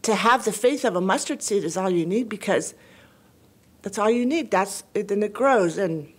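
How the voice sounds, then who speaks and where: A woman calling in to a radio show, crying as she talks in a halting, emotional way with many restarts. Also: mid-range voice, lively intonation, slightly rough. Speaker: caller. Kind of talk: call-in conversation.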